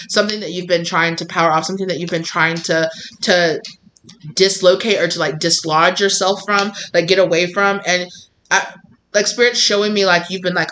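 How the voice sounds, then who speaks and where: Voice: medium pitch, fairly even intonation, brisk, pushed and bright, a little hiss or hum. A tarot reader channeling a reading for viewers in a loose, rambling way, full of "like" and acted-out snippets of the people in the cards. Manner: rambling, lots of "like", acts out voices of the people in the reading.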